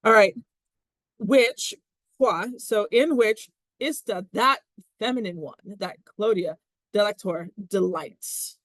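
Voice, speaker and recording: A woman teaching a Latin text in a chatty, animated way, with frequent laughs. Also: mid-range voice, slow pace, dry recording. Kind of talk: casual classroom explanation.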